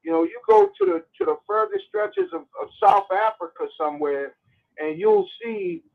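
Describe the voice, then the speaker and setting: Animated male caller on a phone line. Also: very high-pitched, moderate pace, gravelly. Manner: animated, stumbles and repeats words. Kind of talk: call-in radio commentary.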